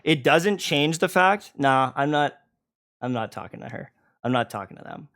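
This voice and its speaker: A man's voice: fairly high pitch, animated, moderate pace, a bit bright. Agitated, confrontational male streamer. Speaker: streamer and host. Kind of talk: heated online argument.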